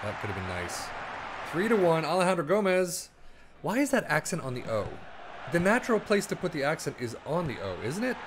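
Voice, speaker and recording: A man casually commenting on his own football management game as he plays, thinking aloud and breaking into quick play-by-play. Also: a little high, sing-song, background noise. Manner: chatty, rambling, thinks aloud, bursts into play-by-play. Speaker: gaming YouTuber.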